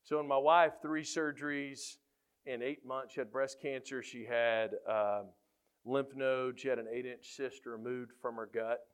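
A middle-aged man, a football coach, tells faith stories to a room with lively energy, his voice sitting in an ordinary middle register. He gets loud and punchy whenever he acts out what people said. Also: medium pitch, unhurried, smooth. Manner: animated, gets loud when acting out quotes. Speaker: high school football coach. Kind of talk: faith-based storytelling talk.

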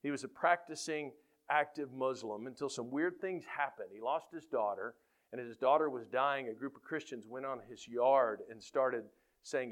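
A middle-aged man, a high school football coach, giving a faith-based storytelling talk in an animated way. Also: moderate pace. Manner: animated, gets loud when acting out quotes.

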